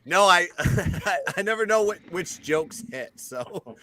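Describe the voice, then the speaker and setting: A man's voice: high voice, lively intonation, takes it slowly, crowd noise. A young man co-hosting a live sports betting stream, chatting casually, rambling and swearing. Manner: rambling, restarts a lot, swears. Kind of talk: casual banter.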